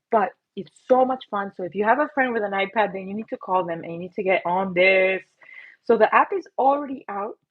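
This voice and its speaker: A woman's voice: mid-range voice, slightly rough, phone-quality sound. A woman hosting a casual livestream, chatty and self-mocking as she talks through an itchy, coughing throat. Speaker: livestream host and app creator.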